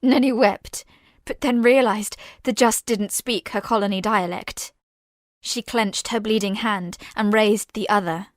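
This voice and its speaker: A woman narrating a science-fiction audio drama in a measured, unhurried voice. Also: medium pitch, fairly even intonation, no room sound, clean studio sound.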